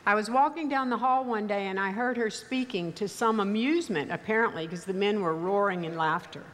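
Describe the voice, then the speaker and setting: An older woman with a mild Texas accent, giving a commencement speech in a measured, wry storytelling manner. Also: medium pitch, slight background noise. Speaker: commencement speaker. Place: large ceremony venue. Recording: reverberant hall, faint ambience.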